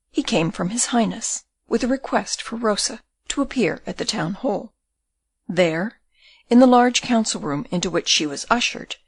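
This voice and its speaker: A woman reading an audiobook with measured, even storytelling. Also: mid-range voice, creaky, husky, no room sound. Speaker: audiobook reader. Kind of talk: audiobook narration.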